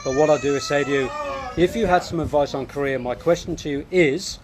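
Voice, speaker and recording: A man's voice: fairly high pitch, a little fast, noisy background. A man, hosting a live show and coaching viewers with earnest, reflective answers. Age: 50s. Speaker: host.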